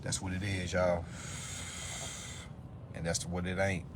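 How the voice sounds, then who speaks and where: A man hosting a live phone stream in a profane rant, dropping to low muttering and then bursting into loud, high-pitched shouts. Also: monotone, slow pace, background noise. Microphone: phone on a social live stream.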